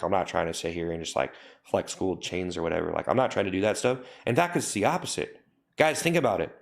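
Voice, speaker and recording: A young livestream host with a low voice and vocal fry talks casually with his viewers. He rambles, self-corrects, and leans heavily on fillers like "like" and "you know."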